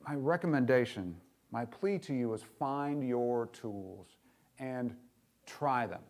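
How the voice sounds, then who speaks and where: Speaking in a mid-range voice, a middle-aged male minister preaches candidly and conversationally. He often poses questions to the congregation and grows quiet and gentle at tender moments.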